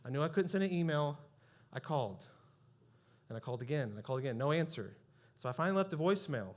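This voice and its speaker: A man's voice: fairly high pitch, animated, fast. A man preaching a sermon as pastor, telling a personal story in a conversational, self-deprecating way.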